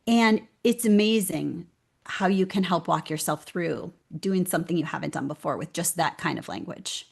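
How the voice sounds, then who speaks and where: A woman speaking as an interview guest, telling stories in an earnest, animated way. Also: fairly low pitch, moderate pace, creaky, slightly rough. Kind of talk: conversational interview.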